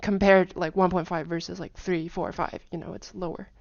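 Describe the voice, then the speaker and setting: A woman casually explaining tone patterns in a lesson, talking in a chatty way with lots of fillers and humming or singing syllables to show pitch. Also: steady tone, normal speed, gravelly, a little mellow, no room sound, muffled recording. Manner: chatty, many fillers, hums and sings tone patterns. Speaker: language teacher.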